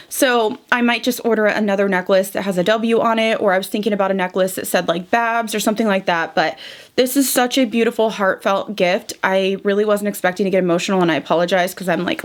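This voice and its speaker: A young woman talking casually to camera in a beauty vlog, chatty and heartfelt, with lots of "like" and "um". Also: medium pitch. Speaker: beauty vlogger. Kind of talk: casual monthly favorites vlog.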